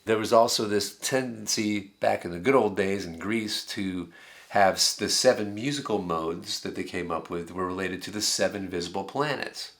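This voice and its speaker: A middle-aged man leads a songwriting workshop, lecturing conversationally and illustrating his points with examples at the piano. His voice sits on the low side, gravelly yet fairly bright in tone.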